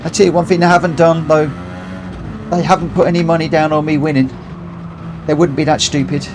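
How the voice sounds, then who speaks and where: A man's voice: a little high, little pitch movement, a little fast. Chatty man streaming a racing game. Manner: chatty, laughs a lot, self-mocking. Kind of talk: casual live-stream commentary. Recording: noisy game audio behind voice.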